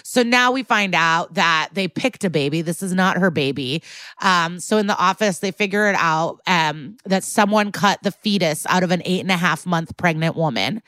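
A woman co-hosting a podcast, recapping a TV episode in casual chat with a profane, animated delivery. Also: on the low side, normal speed, dry recording, studio quality. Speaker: podcast co-host.

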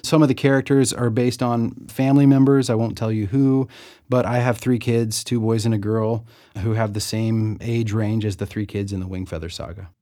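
A man's voice: on the low side, steady tone, moderate pace, warm tone, no echo, clean studio sound. A middle-aged man from the American South, an author talking in a chatty, self-deprecating way about recording his audiobook, with small laughs. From Southern United States. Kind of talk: reflective interview monologue.

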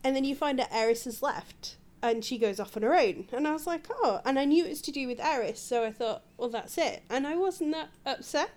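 Brief: woman co-host, giggly anecdote-teller, voice a touch high. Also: animated, brisk, hardly any pauses, a little mellow. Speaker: podcast co-host. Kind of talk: casual chat.

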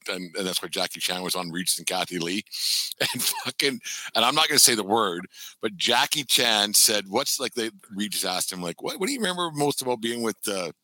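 Sharp-voiced man telling rambling stories. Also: fairly low pitch, animated, fairly quick, no room sound. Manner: rambling, profane storyteller. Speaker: podcast co-host. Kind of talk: casual sports banter.

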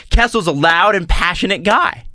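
Bright-voiced man, hesitant sports talk. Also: high voice, dry recording, studio quality. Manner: hesitant, restarts, measured analysis. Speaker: podcast co-host. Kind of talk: casual sports chat.

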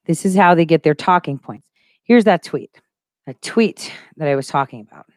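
With a low voice, lively intonation and a moderate pace, a woman hosts a casual livestream and speaks emphatically, repeating phrases out of conviction. There is no room sound, and the quality is studio grade.

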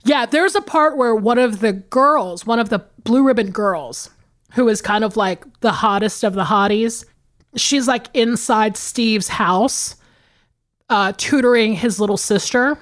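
A woman in her forties with a fairly high voice co-hosts a movie podcast. She tells stories in an animated, profane way and laughs often. Her talk is loose and casual. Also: measured pace. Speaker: podcast co-host.

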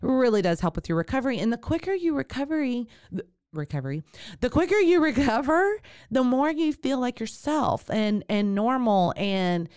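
A woman's voice: a little high, sing-song, moderate pace, darkish tone, smooth, no room sound, clean studio sound. A woman, hosting a podcast and telling a personal birth story, then giving chatty advice straight to her listeners. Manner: chatty, with fillers and direct address to listeners. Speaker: podcast host and birth worker.

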